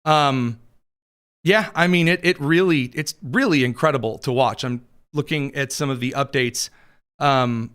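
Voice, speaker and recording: A man's voice: mid-range voice, a bit bright, clean tone. A man hosting a political news show, commenting with sarcastic asides and jokes, his throat a little dry. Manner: wry, quick asides, laughs at own jokes.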